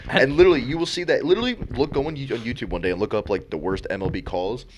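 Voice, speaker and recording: A man's voice: fast, slight background noise. A young man co-hosting a podcast, chatting casually with friends and acting out quotes with big jumps in his voice. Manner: animated storyteller, acts out quotes with big pitch jumps. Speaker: podcast co-host. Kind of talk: casual chat among friends.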